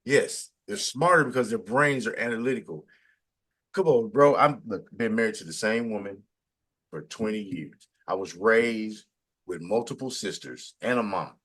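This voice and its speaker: A middle-aged man with a somewhat low voice leads a casual interview. He speaks in a preachy, emphatic way, and his pitch jumps up sharply whenever he stresses a point. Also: expressive, normal speed, fairly bright tone, husky.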